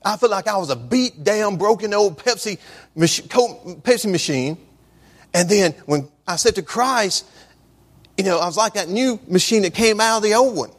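A male preacher voicing an excited teenage girl who eagerly repeats herself as she tells her story. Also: high voice, voice pushed up. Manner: rapid, eager repetition.

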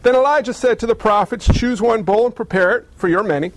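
High-voiced preacher telling a story. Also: male voice, fast. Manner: storytelling, acts out characters with mocking voices. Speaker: pastor. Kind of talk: sermon.

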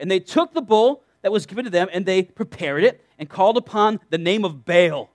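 A man's voice: high-pitched, animated, a little fast, hardly any pauses, no room sound. A man preaching a sermon to young people, reading scripture aloud and breaking off into emphatic asides, with frequent restarts. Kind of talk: sermon to a youth group.

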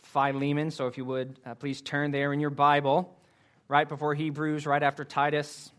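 A man's voice: fairly high pitch, monotone, moderate pace, a bit bright, clear, resonant tone. A man preaching a sermon to his congregation, earnest and careful, with frequent fillers. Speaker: pastor.

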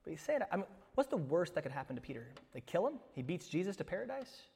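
High-voiced pastor preaching in a reverberant hall. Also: male voice, quick pace, vocal fry, husky. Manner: animated storytelling, swinging from hushed to loud. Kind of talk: sermon.

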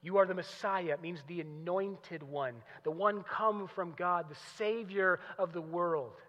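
A man preaching a sermon, moving between hushed teaching and loud, emphatic passages. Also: sits high, a little slow. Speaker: pastor. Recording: muffled recording in a large hall.

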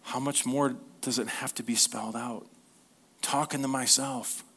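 An earnest male preacher talks through a sermon like a conversation and checks in with his listeners. He slows right down for scripture, then his voice climbs and fills out with energy as he presses his point. His voice sits at an ordinary middle pitch for a man. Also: fairly even intonation, fairly bright tone, breathy edge.

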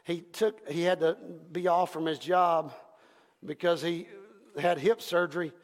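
A man preaching a sermon as pastor, impassioned, swinging from hushed passages to shouted ones. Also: fairly high pitch, fairly even intonation, unhurried. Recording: long reverb from a large hall.

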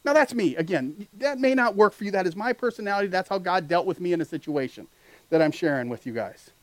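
High-voiced preaching man, dry sound. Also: fast, no room sound, rough recording. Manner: earnest preaching, climbing to loud animated peaks. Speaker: pastor. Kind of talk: sermon.

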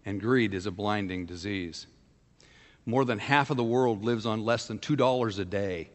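Pastor preaching in a reverberant church. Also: male voice, on the low side, moderate pace. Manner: conversational storytelling with frank personal asides. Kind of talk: sermon.

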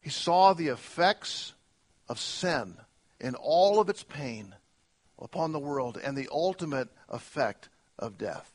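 Earnest preaching man, fairly high voice. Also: lively intonation, slow. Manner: earnest, swings from soft to emphatic. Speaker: pastor. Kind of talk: sermon.

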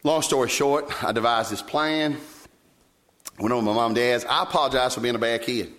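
Man preaching in animated storytelling. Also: brisk. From Virginia, US. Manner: animated storytelling, sudden leaps in pitch when quoting himself. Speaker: pastor. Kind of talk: sermon.

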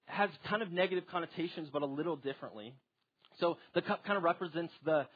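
A man's voice: a little high, breathy edge. A young man giving a casual Bible teaching, talking conversationally with plenty of fillers. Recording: dull lo-fi recording.

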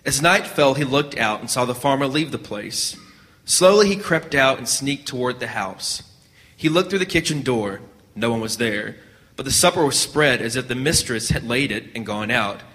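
Reading a story in a measured, steady way, the narrator has a mid-range voice that is bright and forceful. He sometimes trips over a word and starts it again, while a long reverb from the hall follows him.

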